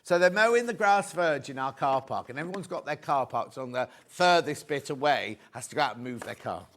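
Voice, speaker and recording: A man's voice: medium pitch, animated, a little fast, a bit bright. A British man presenting a live sewing shopping show, chatty and teasing as he reads out prices and viewer messages in a TV studio.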